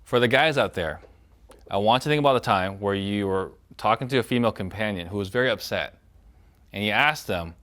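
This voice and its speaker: A man teaching a sales training lesson in a direct coaching tone, acting out what prospects say and shifting his loudness and pace to show his points. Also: on the low side, brisk.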